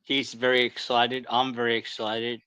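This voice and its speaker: Bright-voiced man co-hosting a stream. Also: medium pitch, monotone, normal speed, smooth, no room sound, low-quality recording. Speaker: livestream co-host. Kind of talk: casual livestream chat.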